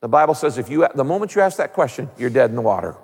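A man preaching a sermon as a pastor, conversational and animated, with humor. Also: medium pitch, racing, gravelly, husky, long reverb tail.

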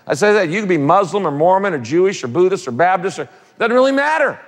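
A man preaching a sermon as a pastor, emphatic, repeating key phrases and dropping quick casual asides. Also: high-pitched, lively intonation. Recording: long hall reverb.

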